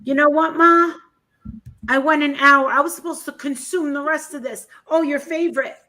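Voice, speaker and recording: High, bright-voiced Jersey woman, brash. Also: fairly even intonation, normal speed. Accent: New Jersey. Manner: loud, blunt, swears freely. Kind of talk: casual chat.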